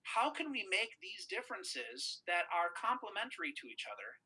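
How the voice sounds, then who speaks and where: A man who is a pastor and podcast host, telling lively stories in a casual discussion with many restarts. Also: high voice, normal speed, breathy edge, low-quality recording. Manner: storytelling, animated, with frequent restarts.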